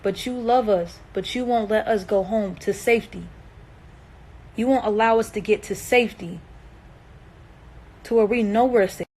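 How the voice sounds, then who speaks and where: A woman's voice: medium pitch, moderate pace, long pauses, darkish tone, poor audio. A young woman in a distressed, emotional livestream monologue, earnest and emphatic, repeating herself and swearing.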